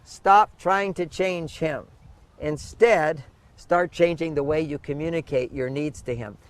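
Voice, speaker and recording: A man giving relationship advice in a casual outdoor interview, animated and acting out the voices he quotes. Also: a little high, measured pace, rough recording. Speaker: interview guest, relationship advisor.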